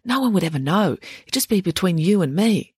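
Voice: medium pitch, lively intonation, a little fast, darkish tone, slightly rough, no room sound, studio quality, voice pushed up. A reader voicing a tough, blunt teenage girl inmate, pushy and slangy.

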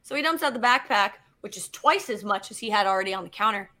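A woman geologist telling a story in casual conversation, animated and swearing as she acts out what was said. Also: mid-range voice, quick pace. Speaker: guest geologist.

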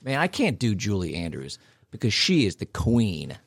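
Male co-host, husky and lively, self-deprecating. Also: fairly low pitch, normal speed, no room sound. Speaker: podcast co-host. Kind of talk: casual chat.

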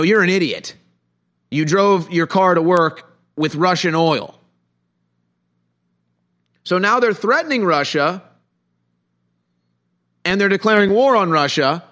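A man's voice: high-pitched, expressive, moderate pace, pauses often, a bit bright. A middle-aged man hosting a heated political commentary show, sarcastic and full of rhetorical questions.

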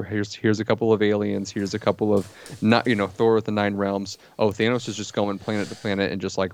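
A man co-hosting a casual movie podcast, enthusiastic and given to repeating himself when excited. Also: lowish voice, dry recording. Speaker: podcast co-host.

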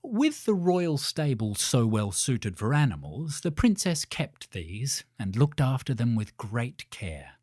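Brief: unhurried male narrator for a bedtime story, mellow tone, dry close sound. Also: mid-range voice, big pitch swings, dry recording.

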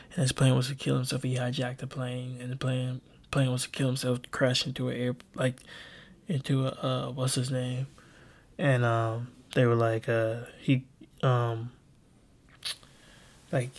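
A young man with a husky, gravelly voice hosts a casual podcast, speaking in a low-key, rambling way. He stops and restarts often, fills gaps with "um" and "like", and slips into slang and swearing. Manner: halting and rambling, many fillers and restarts; subdued, low-key delivery. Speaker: podcast host. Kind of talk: casual personal podcast talk.

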